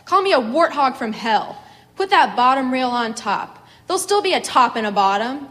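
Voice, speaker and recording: A woman voicing a furious middle-aged farm wife who rails and shouts at heaven in a reading of a story. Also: medium pitch, animated, moderate pace, big-room sound, lightly acted. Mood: yelling. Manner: fierce, indignant, shouting.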